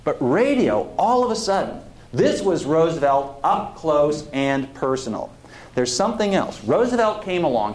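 Guy lecturing on history, lively voice bouncing all over, kinda high, echoey lecture hall. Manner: conversational, digressive, asks the audience questions. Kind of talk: public lecture.

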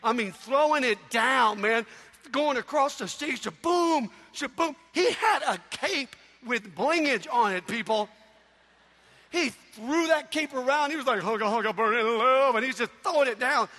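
A man preaching a sermon, telling stories in an animated way with sudden loud outbursts. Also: very high voice, a little slow. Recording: echoey hall.

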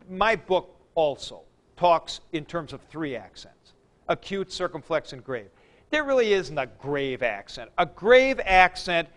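Slow-speaking man teaching a lecture. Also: a little high. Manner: slow, explains with examples. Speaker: Greek teacher. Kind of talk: classroom lecture.

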